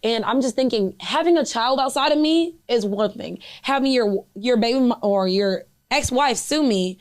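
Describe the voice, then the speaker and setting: A young woman co-hosting a casual podcast chat, candid and laid-back, quick to laugh. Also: a little high, expressive. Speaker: podcast co-host.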